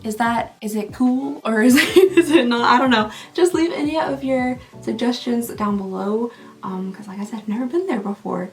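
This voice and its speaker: A woman's voice: fairly high pitch, normal speed. Rambly woman chatting while doing makeup. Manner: rambly, laughs often. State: losing her voice. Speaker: beauty vlogger.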